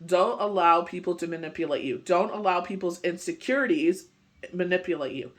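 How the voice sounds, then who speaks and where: A man's voice: high-pitched, fairly quick, fairly bright tone. A man giving a casual daily tarot reading, rambling with lots of "you know" and "it's just like", still getting over a bad cold. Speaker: tarot reader.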